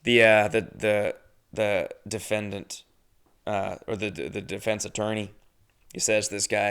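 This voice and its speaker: Man, casual rambling story, swears a lot, gravelly voice, smooth and resonant. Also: lowish voice, flat delivery, unhurried, a bit bright. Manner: profane, rambling and jokey. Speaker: podcast host telling a story.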